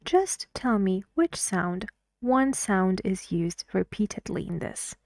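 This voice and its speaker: A woman's voice: medium pitch, lively intonation, slow, a little mellow, dry recording, studio quality. A woman teaching English pronunciation, patiently drilling words and repeating them for emphasis. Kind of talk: language lesson.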